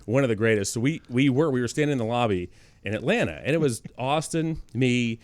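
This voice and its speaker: A man telling stories on a chat show, animated and full of acted-out quotes. His voice is middle in pitch but rises and falls freely. The sound is dry and close. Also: fast talker, dry recording. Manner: animated storyteller acting out quoted lines. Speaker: guest beat writer. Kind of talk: casual podcast storytelling.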